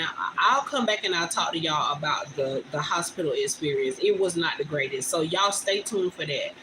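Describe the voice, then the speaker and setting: Emotional woman talking to viewers. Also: lowish voice. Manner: chatty, emotional, addresses viewers as y'all. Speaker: vlogger on a livestream. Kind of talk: casual heartfelt livestream talk. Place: home indoors. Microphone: phone. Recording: phone recording with clear background noise.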